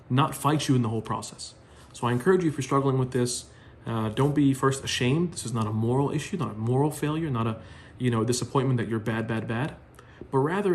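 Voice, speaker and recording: A man, a psychiatrist talking straight to the viewer in a friendly, reassuring way that rambles with restarts. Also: medium pitch. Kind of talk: direct-to-camera health talk.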